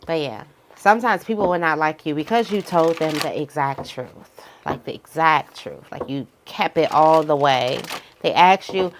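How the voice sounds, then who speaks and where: Chatty tarot reader woman, low voice. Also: normal speed, background noise. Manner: chatty, candid, breaks into high-pitched quoted voices. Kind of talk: casual tarot reading monologue.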